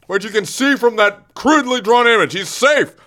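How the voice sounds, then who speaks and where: A man's voice: high voice, moderate pace. A man hosting a sports show, ranting in mock fury and stammering through restarts. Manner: excitable, mock-furious ranting. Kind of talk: comic sports rant.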